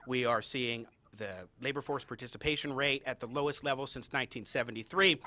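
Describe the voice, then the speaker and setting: A man's voice: mid-range voice, brisk, bright, forceful tone, no room sound. A young adult man hosting a talk show in an upbeat, enthusiastic way. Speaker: host.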